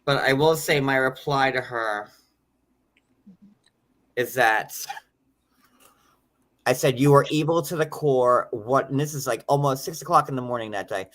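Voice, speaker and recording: A man's voice: medium pitch, measured pace, pauses often, fairly bright tone. A man hosting a live stream in casual chat, retelling an argument in a heated, blunt way with plenty of cursing. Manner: heated and blunt, with profanity and repetition.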